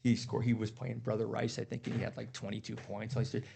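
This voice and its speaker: A man's voice: medium pitch, monotone, quick pace, gravelly, mellow, slight background noise. A man on a podcast telling heartfelt stories about his kids in casual chat, getting emotional. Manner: earnest, emotional storytelling. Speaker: podcast guest.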